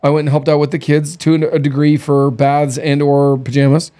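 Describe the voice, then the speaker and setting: Warm in tone, fairly high, with little pitch movement and normal speed, a thirty-something man hosts a podcast. In casual conversation he tells candid stories bluntly, quoting dialogue along the way.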